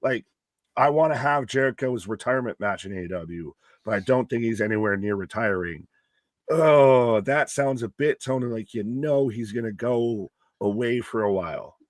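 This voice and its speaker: A man's voice: medium pitch, normal speed, no echo. A young man co-hosting a wrestling stream, giving opinionated, rambling takes and swearing casually. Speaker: co-host.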